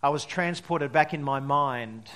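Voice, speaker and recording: A male pastor preaching a sermon, telling stories and swinging between loud emphasis and quiet drops. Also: a little high, measured pace. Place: church service.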